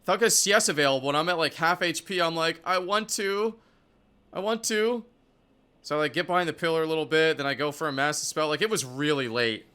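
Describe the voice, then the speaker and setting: A young man giving casual commentary on his own competitive match, excitable and profane, full of "like" and "dude". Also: fairly high pitch, quick pace, few pauses, clear, resonant tone. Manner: excitable, profane, filler-heavy talk. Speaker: esports player reviewing his match.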